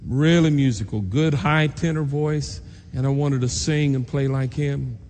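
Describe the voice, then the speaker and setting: A man's voice: medium pitch, fairly even intonation, unhurried, darkish tone. Earnest man preaching in a reverberant hall. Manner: earnest, emotional, acts out quoted voices. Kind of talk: personal storytelling sermon. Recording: long reverb in a large hall, faint noise.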